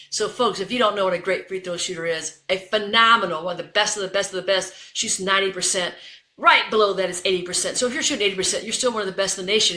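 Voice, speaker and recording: Bright-voiced woman telling a lively story. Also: medium pitch. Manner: lively, addresses listeners as folks. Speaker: guest, keynote speaker and coach. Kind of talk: animated storytelling. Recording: roomy echo.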